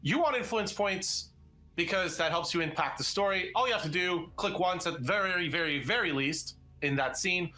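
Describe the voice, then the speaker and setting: A young man co-hosting a live interactive stream chats casually and rambles, with many fillers and restarts. His voice is high-pitched, bright, and forceful at normal speed.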